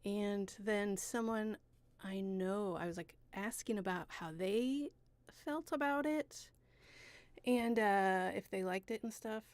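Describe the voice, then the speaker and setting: A woman co-hosting a casual podcast chat, playful and quick to laugh. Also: medium pitch, dry recording. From Illinois. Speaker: podcast co-host.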